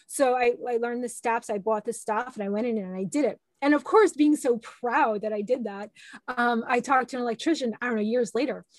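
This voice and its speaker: A middle-aged woman, a podcast guest, telling her stories in a lively way and acting out what people said. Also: on the high side, no echo. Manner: animated, acts out quoted dialogue. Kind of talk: casual storytelling interview.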